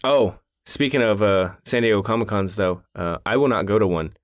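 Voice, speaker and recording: Co-host, male, 30s, lowish dry voice, profane and sarcastic storyteller. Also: moderate pace, no echo. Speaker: podcast co-host. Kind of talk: casual chat.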